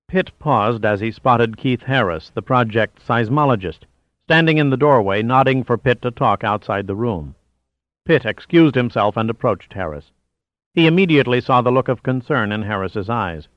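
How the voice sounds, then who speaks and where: A man narrating an audiobook in a low, steady reading voice. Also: normal speed, dry recording, highs cut off. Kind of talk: scripted narration.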